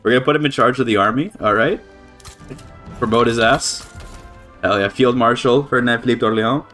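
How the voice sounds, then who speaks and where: A young man from Canada giving rambling, excitable commentary on a strategy game he is playing. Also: mid-range voice, fairly quick, faint music behind. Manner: rambling, excitable, swears and laughs often. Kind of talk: casual gameplay commentary.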